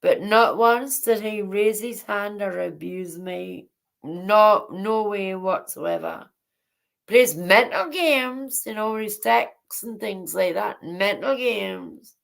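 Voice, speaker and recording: A woman hosting a casual livestream chat, speaking haltingly and repeating herself. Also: medium pitch, creaky. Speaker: livestream host.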